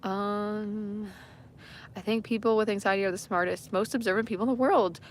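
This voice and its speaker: A woman's voice: medium pitch, steady tone, normal speed, slight background noise. A young woman from western Canada with a light Canadian accent, chatting casually on a livestream and answering comments in a rambling, self-deprecating way. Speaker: livestream host.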